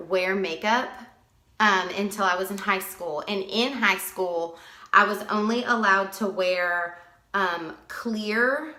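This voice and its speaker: Bright chatty lady doing a live makeup tutorial, roomy echo. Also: mid-range voice. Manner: chatty, greets viewers by name. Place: at home, with dogs nearby.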